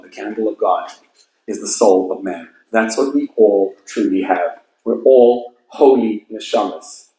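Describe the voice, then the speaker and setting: A man's voice: fairly low pitch, darkish tone, roomy sound, rough recording. A man, a rabbi, preaching a sermon with passionate, emphatic storytelling at an evening event. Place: event hall with audience.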